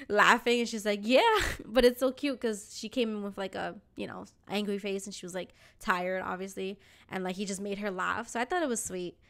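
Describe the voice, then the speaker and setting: A young woman hosting a podcast, telling a story in casual chat, animated and acting out the voices of people in it. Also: medium pitch, gravelly. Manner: animated, acts out voices in her stories, swears casually. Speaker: podcast host.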